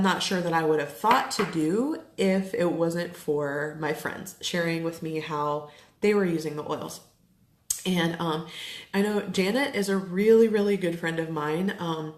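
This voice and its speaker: A woman's voice: on the low side, steady tone, measured pace. A woman in her thirties chatting casually to camera at home, full of fillers and likes, getting emotional at times. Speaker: essential oils seller. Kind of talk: casual live chat to camera. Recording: echoey room.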